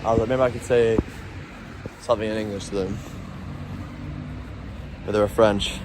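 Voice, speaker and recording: A man's voice: on the low side, steady tone, normal speed, noisy background. A man with a Scottish accent livestreaming from a phone on a city street at night, chatting casually and swearing often. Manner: chatty, swears a lot, talks to chat. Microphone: handheld phone.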